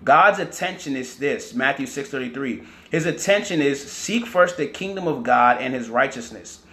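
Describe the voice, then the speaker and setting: A man's voice: medium pitch, lively intonation, moderate pace, fairly bright tone, roomy sound. A man preaching a teaching sermon, often repeating words and checking in with "right?" and "amen".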